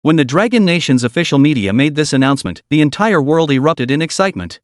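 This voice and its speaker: A man narrating a story recap in an even, steady reading style. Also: fairly high pitch, fast, dry recording, clean studio sound.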